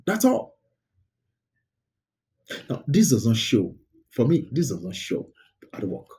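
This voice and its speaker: A man's voice: a little high, very animated, unhurried, mellow. A man hosting a casual screen-share commentary about online videos, emphatic and often repeating words for stress. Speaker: YouTube creator and host.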